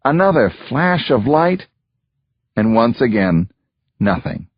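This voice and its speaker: Slow, grave male audiobook narrator. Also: mid-range voice, sing-song, breathy edge, dry recording. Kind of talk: first-person audiobook narration. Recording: dull, muffled dry recording.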